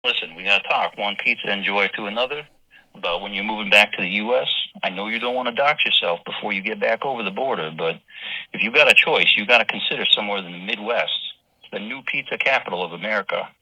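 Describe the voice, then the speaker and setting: Brief: bright, forceful New York man, gruff but friendly caller, low voice, dry close sound. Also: fast talker, no echo, highs cut off. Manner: friendly but gruff, reels off long lists. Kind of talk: rambling phoned-in message.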